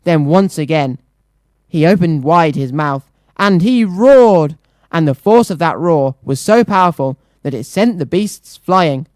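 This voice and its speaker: A children's radio presenter reading a picture book aloud, lively and rhythmic. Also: mid-range voice, a little slow, no echo.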